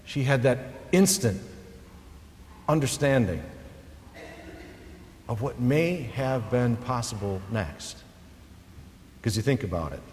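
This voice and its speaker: A man's voice: medium pitch, lively intonation, slow, long pauses, slight background noise. Man preaching in a reverberant hall. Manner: dynamic preaching, swelling loud then dropping soft. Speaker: pastor. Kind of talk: sermon. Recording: long reverb of a large hall.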